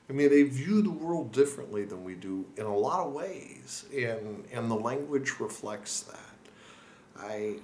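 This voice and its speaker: A man's voice: fairly low pitch, roomy sound. A man with an American accent giving earnest, conversational tips to learners as a lesson host. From United States. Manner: earnest, conversational, with restarts and asides. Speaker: language-learning video host. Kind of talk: encouraging talk to camera.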